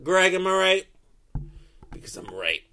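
A man's voice: sits high, very animated, measured pace, bright, forceful tone, slight background noise. A man ranting as a co-host on a comedy podcast, profane and fired up.

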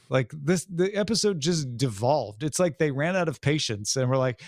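A man's voice: fairly high pitch, expressive, moderate pace, hardly any pauses, a little mellow, dry recording, studio quality. A man co-hosting a podcast, chatting casually about a TV episode, rambling with restarts and acting out scenes. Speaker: podcast co-host. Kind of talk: casual chat reviewing a TV episode.

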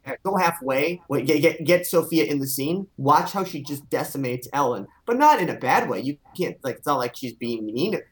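A man's voice: fairly high pitch, animated, normal speed, few pauses. A man chatting casually, crude and emphatic, stretching out words for weight. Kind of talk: casual chat.

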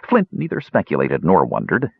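Expressive storybook narrator, male, husky lower voice, dry lo-fi sound. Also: moderate pace, dry recording. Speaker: audiobook narrator. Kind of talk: scripted fantasy narration. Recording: slightly dull lo-fi recording.

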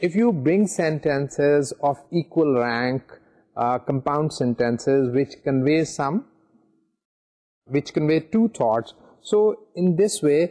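A man's voice: on the high side, dark tone, low-quality recording. A man from Pakistan with a Pakistani accent, giving a recorded university lecture and explaining step by step with examples and frequent fillers.

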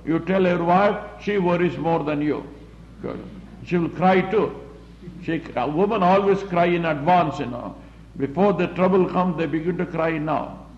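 Male preacher, slightly high voice, roomy muffled recording. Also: darkish tone. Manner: plain-spoken, repetitive, halting with fillers. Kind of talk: sermon. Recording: roomy, muffled recording with faint background hum.

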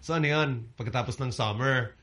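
A man's voice: mid-range voice, fast talker, fairly bright tone, slight background noise. A male radio host, chatting on air in a casual studio setting. He teases his co-host and wanders through his sentences with fillers and restarts. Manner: joking, teasing, rambling with many fillers.

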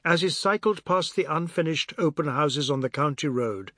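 A man narrating a novel in a measured storytelling manner. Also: on the high side, a bit bright, dry recording. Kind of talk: audiobook narration. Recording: dry close studio sound.

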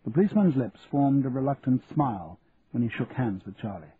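A man's voice: mid-range voice, animated, fairly quick, slightly rough. Male audiobook narrator, tinny sound. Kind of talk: scripted narration. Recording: tinny lo-fi audio with faint hiss.

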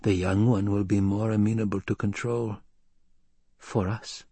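Brief: cool, scheming noblewoman, read by a man, hushed and slow, dry close sound. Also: lowish voice, fairly even intonation, slightly rough, no echo. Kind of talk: audiobook character voice.

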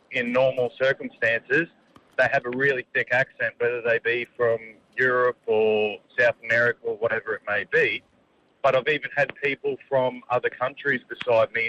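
A man's voice: medium pitch, bright, forceful tone, slight background noise. Eager man calling in. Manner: eager, hesitant with fillers. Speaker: caller. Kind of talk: phone-in question. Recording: dull phone line.

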